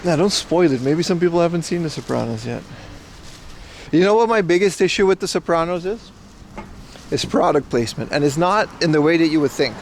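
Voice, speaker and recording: Walking through city streets, an IRL livestreamer rambles casually and shares opinions as he responds to his chat. He talks fairly quickly in a fairly high voice with lively intonation, and there's slight background noise.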